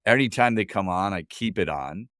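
Male sports talk co-host, relaxed conversational delivery, lively pitch, dry studio sound. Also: moderate pace, dry recording. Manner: easygoing, conversational, repeats words when starting. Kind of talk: casual sports radio chat.

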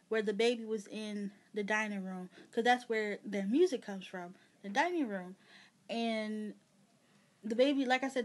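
A woman with a Chicago accent, ranting casually and indignantly to her viewers, rambling with fillers. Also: fairly high pitch. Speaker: gaming vlogger. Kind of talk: casual venting rant.

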